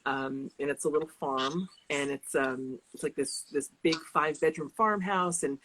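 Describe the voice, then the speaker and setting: A woman's voice: sits low, moderate pace, a bit bright, low-quality recording. A young adult woman chatting casually as an author guest, rambling with restarts and laughing often. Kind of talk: casual interview chat.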